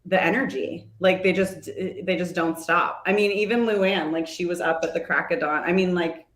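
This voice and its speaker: A woman's voice: lowish voice, fairly even intonation, normal speed. A woman guest in a casual chat, chatty and friendly, saying "like" often. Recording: roomy echo.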